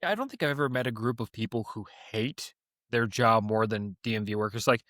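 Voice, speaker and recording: A man co-hosting a podcast in casual chat, quick and teasing with a dry sense of humor. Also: lowish voice, fairly bright tone, no room sound. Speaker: podcast co-host.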